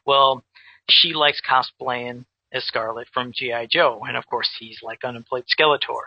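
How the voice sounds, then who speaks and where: A man telling a story in casual chat, animated, with many restarts and repeated words. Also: medium pitch, moderate pace, husky, no room sound, highs cut off. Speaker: guest who makes custom action figures.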